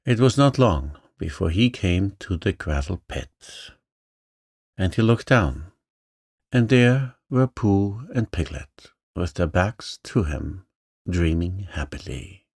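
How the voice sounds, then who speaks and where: A man narrating a bedtime story in a slow, soothing, gentle manner. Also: low-pitched, expressive, vocal fry, husky, dry recording, studio quality. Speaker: audiobook narrator. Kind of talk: calm bedtime story reading.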